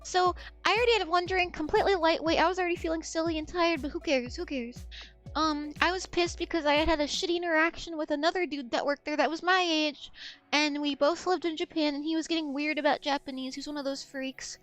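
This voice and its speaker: A woman's voice: high-pitched, steady tone, quick pace, a bit bright, faint music behind. A woman in her twenties chatting casually as a streamer, rambling, losing her thread and swearing freely. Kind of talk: casual chat.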